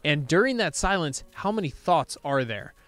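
A man's voice: on the high side, expressive, normal speed, fairly bright tone, no room sound. A man co-hosting a casual book club chat, thoughtful and musing. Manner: thoughtful, musing, many restarts.

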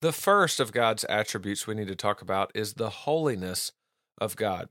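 A man's voice: fairly low pitch, fairly bright tone, no room sound, studio quality. A man hosting a podcast, teaching doctrine in an earnest, casual monologue, often restarting and repeating words and reading quotes aloud.

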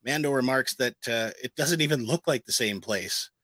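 Bright-voiced man recapping an episode. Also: mid-range voice, dry recording, poor audio. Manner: reads plot summary in a steady narrating tone, trades quick asides. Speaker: podcast co-host recapping an episode. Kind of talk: casual chat and episode recap narration.

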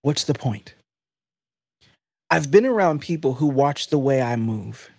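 A man hosting a faith podcast, preaching in an emphatic, animated, conversational way. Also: medium pitch, measured pace, no echo, clean studio sound. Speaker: podcast host.

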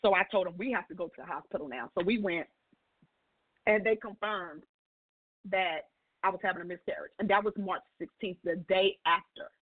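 A woman guest on a call-in radio show, telling a personal testimony in a lively storytelling way and acting out the dialogue. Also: lowish voice, moderate pace, no echo. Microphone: phone. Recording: tinny phone line.

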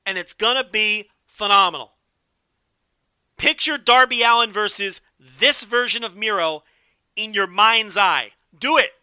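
Man, high voice, very bright and sharp, dry close sound, excitable wrestling recap, swearing and joking. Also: measured pace, smooth, dry recording. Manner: enthusiastic, profane, joking riffs. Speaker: wrestling show commentator.

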